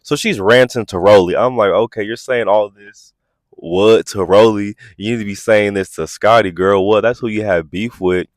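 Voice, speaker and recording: A man hosting a reality TV review vlog, talking in a sassy, animated way and acting out quotes in exaggerated voices. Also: fairly low pitch, no echo. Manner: animated, sassy, quick asides. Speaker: host.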